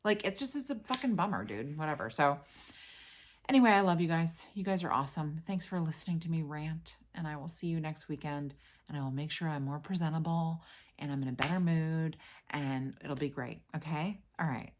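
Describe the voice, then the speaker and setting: A tired woman hosting her podcast, telling a story in a blunt, profane, animated way. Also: sits low, brisk. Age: adult with a young daughter. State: tired and worn out. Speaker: podcast host. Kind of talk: casual venting monologue.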